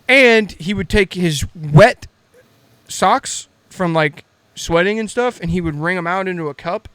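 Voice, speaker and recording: A man's voice: high-pitched, a little slow, a bit bright, clean tone, no room sound. A man in his twenties with an American accent, co-hosting a podcast and telling rambling stories in casual chat, laughing often. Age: 20s. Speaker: podcast co-host.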